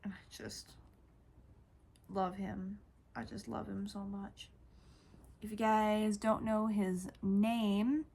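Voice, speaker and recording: A woman's voice: mid-range voice, vocal fry. A woman vlogger showing off her toys in a casual, gushing way, often repeating herself. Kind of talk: casual toy show-and-tell.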